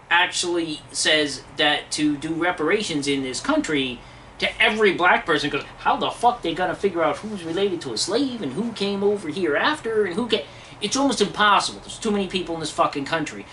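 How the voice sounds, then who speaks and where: Angry man ranting to camera, heavy swearing, sharp bright tone, sits back from the mic. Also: fairly high pitch, lively intonation, a little fast, distant mic, a little hiss or hum, low-quality recording. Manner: aggressive, swearing, mocking. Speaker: vlogger. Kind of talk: profane angry rant.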